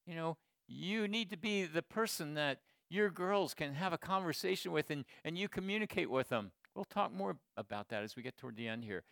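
A man in his sixties giving a sermon to men, swinging from loud exhortation to quiet storytelling. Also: on the high side, creaky, dry recording, clean studio sound. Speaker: speaker at a men's gathering.

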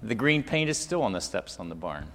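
A middle-aged man preaching a sermon, swinging from loud emphatic peaks to hushed near-whispers and repeating words as he finds his next thought. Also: on the low side, big pitch swings, brisk, long reverb tail, a little hiss or hum. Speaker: pastor.

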